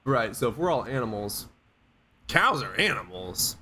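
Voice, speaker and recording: A man's voice: mid-range voice, sing-song, moderate pace, bright, forceful tone, a little hiss or hum. A man hosting a casual livestream chat, blunt and joking, swearing freely. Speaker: livestream host.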